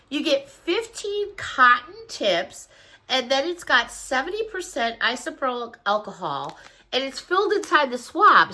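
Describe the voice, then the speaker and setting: A woman's voice: high voice, pushed and bright. A sick woman from Chicago chatting enthusiastically through a shopping haul vlog, gushing over each item. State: sick, coughing. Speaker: haul vlogger.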